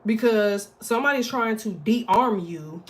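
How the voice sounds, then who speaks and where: A woman gives a casual astrology and tarot reading, speaking bluntly and with profanity, rambling and using many fillers. Her voice is medium-pitched and animated, at a measured pace.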